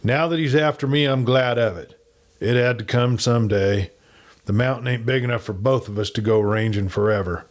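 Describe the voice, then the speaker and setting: A man voicing a gruff, boastful outlaw gang leader with a rough frontier drawl. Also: mid-range voice, moderate pace, natural voice.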